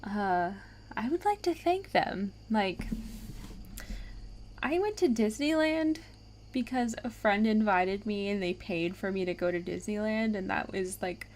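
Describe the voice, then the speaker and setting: A woman gamer gives unhurried, rambling commentary as she plays. She talks slowly, with many fillers. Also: mid-range voice, a little hiss or hum. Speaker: let's play gamer. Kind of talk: casual gameplay commentary.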